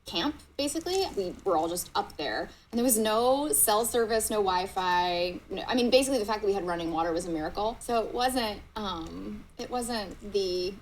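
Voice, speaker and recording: A woman's voice: mid-range voice, animated, normal speed, hardly any pauses, a little hiss or hum, poor audio. A woman, an actress, candidly reacting to clips of her old work, self-mocking and laughing often.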